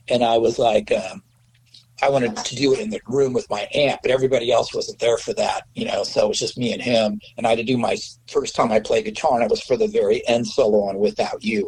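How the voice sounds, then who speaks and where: A middle-aged man of average pitch tells his stories as a guest musician, animated and loose, swearing freely and lifting his voice high whenever he acts out what someone said. A faint hum sits under the recording. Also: rough recording. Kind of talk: anecdotal interview storytelling.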